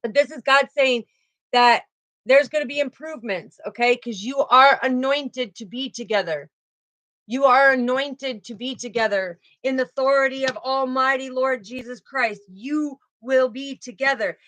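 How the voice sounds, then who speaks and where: A woman's voice: sits high, moderate pace, a bit bright, no room sound. A woman giving an emphatic spiritual tarot reading and repeating her key phrases. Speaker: tarot card reader.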